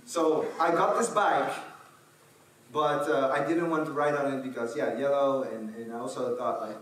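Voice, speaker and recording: A man from the Netherlands, telling a lively personal story to an audience and acting out the scenes. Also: medium pitch, moderate pace, a little hiss or hum. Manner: animated, acts out scenes, fillers and restarts. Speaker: speaker. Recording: echoey hall from far off, faint ambience.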